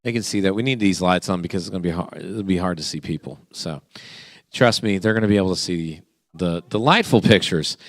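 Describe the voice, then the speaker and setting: Low-pitched and recorded in studio quality with no room sound, this man runs a guessing game for teens in a church youth group. He teases them playfully and keeps up a quick back-and-forth with the group.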